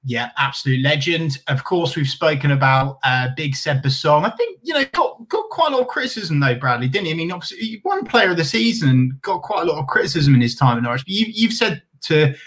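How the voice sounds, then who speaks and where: A man's voice: fairly high pitch, big pitch swings, brisk, hardly any pauses, fairly bright tone. A man hosting a casual football interview, asking chatty, leading questions.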